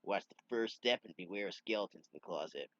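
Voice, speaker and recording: A man voicing a gruff young male echidna adventurer in a low, laid-back mutter. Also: lively intonation, fast talker, fairly bright tone, no echo. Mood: wry. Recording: dull dry home recording.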